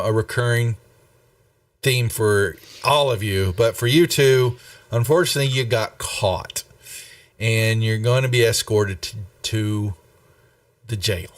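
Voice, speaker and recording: A man running a tabletop game as game master, narrating in an unhurried, rambling way with many fillers. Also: lowish voice, recorded from a distance.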